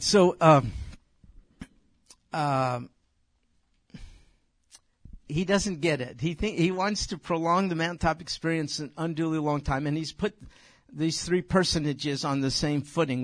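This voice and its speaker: Recorded with clean studio sound and no echo, an older man with a voice on the high side teaches the Bible informally to a group. He addresses his listeners directly in an emphatic, conversational manner.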